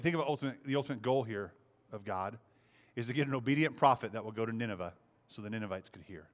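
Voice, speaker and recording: A man preaching a sermon, impassioned, repeating phrases and acting out the speech he quotes. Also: lowish voice. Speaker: pastor.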